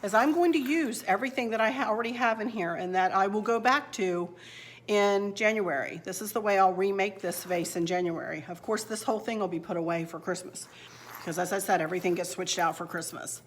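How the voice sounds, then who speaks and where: A woman's voice: medium pitch, fairly quick, a little hiss or hum. Woman, casual home-decor vlogger, friendly chatter, light laughs, middle voice. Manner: chatty and homey, laughing easily. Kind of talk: casual crafting tutorial chat. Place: home kitchen.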